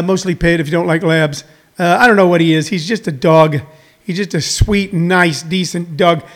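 A man's voice: high voice, a bit bright. A middle-aged man hosting a live talk show, rambling and chatty with jokey asides, a little out of breath. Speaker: host.

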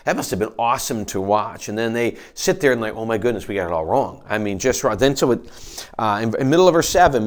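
A man's voice: lowish voice, lively intonation, fast talker. A man who is a pastor, giving an earnest, conversational sermon and reading scripture aloud. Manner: earnest, conversational preaching with frequent restarts.

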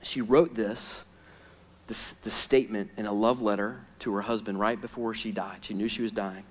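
A man preaching a sermon, swinging from hushed, intimate lines to loud, urgent ones. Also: on the low side, steady tone, normal speed. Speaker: pastor.

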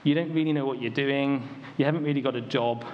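A man's voice: mid-range voice, steady tone, fast talker. Casual young male preacher, lo-fi hall recording. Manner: casual, storytelling, frequent ums and likes. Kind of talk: conversational sermon. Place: church hall with congregation. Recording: dull lo-fi recording, faint ambient noise.

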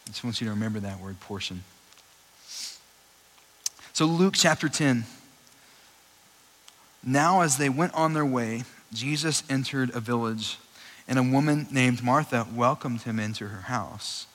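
Casual animated young man preaching. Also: medium pitch, measured pace, long pauses, poor audio. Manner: conversational, animated preaching with fillers. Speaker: pastor. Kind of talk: sermon.

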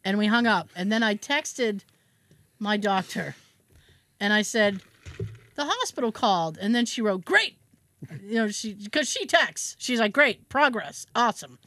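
A woman's voice: medium pitch, lively intonation, measured pace, a bit bright, dry recording. A woman chatting casually as a podcast host, telling a story with lots of swearing and acting out both sides of phone calls. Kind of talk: casual chat.

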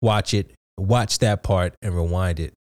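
Low-voiced man telling a story, dry sound. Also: unhurried, a little mellow, no echo. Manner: loose, profane storytelling with many restarts. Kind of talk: casual chat.

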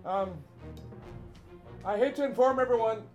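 A man's voice: extremely high pitch, a little slow, dull audio, faint music behind. A man, the show's producer, joking dryly in casual comedic chat. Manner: dry, joking. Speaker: show producer.

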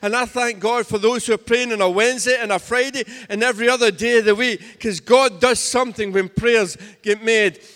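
A man's voice: very high voice, fairly even intonation, a little fast, hardly any pauses, fairly bright tone. A man preaching a sermon as pastor, making emphatic, repetitive declarations in a church. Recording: echoey church hall.

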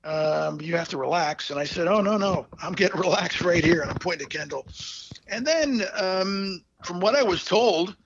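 Man, interview guest, gravelly, higher-pitched, halting, sincere storyteller; muffled lo-fi audio. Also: animated, background noise. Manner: halting, heartfelt, many fillers and restarts. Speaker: guest telling his story.

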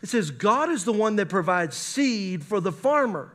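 High-voiced man preaching a sermon. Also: very animated, moderate pace, fairly bright tone. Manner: preaching with emphatic rises, reads scripture aloud. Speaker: pastor.

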